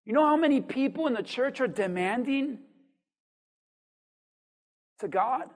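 A pastor preaching a sermon with dynamic swings between loud emphasis and quiet asides, full of rhetorical questions and call-and-response. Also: sits high, lively intonation, unhurried.

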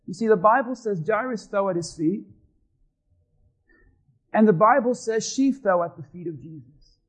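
A man pastor delivering a sermon, swinging between shouting and hushed tones. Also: high voice, animated, normal speed, low-quality recording.

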